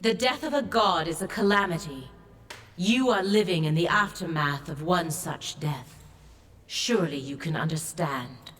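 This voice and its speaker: A grave, ancient sea goddess speaks in a solemn, commanding way from a video game. Her voice sits very low and heavy. Each word is slow and measured. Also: fairly bright tone. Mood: sorrowful. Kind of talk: game voice acting.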